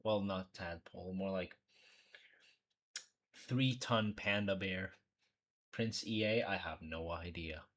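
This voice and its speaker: A man's voice: sits low, slow pace, long pauses, fairly bright tone. A young man hosting a live reaction stream, ranting bluntly with plenty of swearing. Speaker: streamer host. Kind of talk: casual reaction stream commentary.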